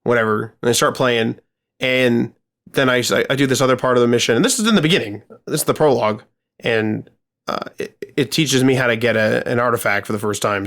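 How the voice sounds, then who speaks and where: Man, podcast co-host, casual chat, cursing a lot, rambling, mid-pitched voice. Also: fairly bright tone. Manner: profane, rambling storytelling full of fillers.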